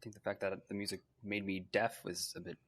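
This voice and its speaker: Deep-voiced adventurer, played by a woman, slow and measured, tabletop role-play. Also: level tone. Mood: calm.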